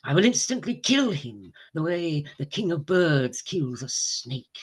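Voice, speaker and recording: A man's voice: fairly high pitch, sing-song, unhurried, breathy edge, heavily acted. A man reading aloud puts on the voice of a proud, angry warrior prince who sternly commands his charioteer. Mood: angry commanding.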